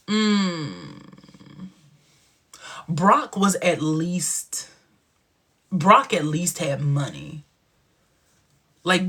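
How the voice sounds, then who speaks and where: A man with a husky, slightly breathy voice hosts a casual livestream and chats straight to his viewers. He tells stories with animation, acting out quoted lines and slipping into hushed asides. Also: fairly high pitch. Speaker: livestream host.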